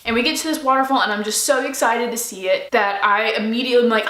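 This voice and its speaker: A young woman vlogger excitedly telling a personal story to the camera in a chatty, animated way. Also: fairly high pitch, fast talker, reverberant.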